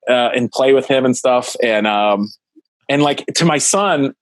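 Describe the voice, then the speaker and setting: A man, a stand-up comedian, chats loosely and animatedly, restarting his sentences as he goes. His voice is mid-pitched and ordinary. The recording is close and dry. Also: measured pace, no room sound. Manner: animated, rambling, many restarts. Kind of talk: casual podcast chat.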